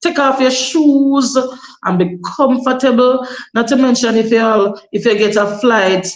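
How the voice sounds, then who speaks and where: A woman's voice: on the high side, measured pace. Jamaican woman vlogger, young, chatty advice-giver who drifts into patois; roomy, echoing sound. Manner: chatty, advising, slips into patois. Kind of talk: casual advice vlog. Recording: echoey room.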